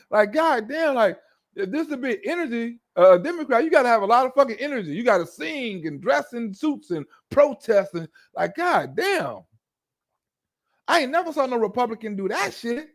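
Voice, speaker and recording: A man's voice: very high-pitched, sing-song, moderate pace. A man rants through a profane political monologue. He mocks his targets, keeps a streamer's loose delivery and stops to act out chants in a scornful tone. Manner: mocking, rants and acts out chants.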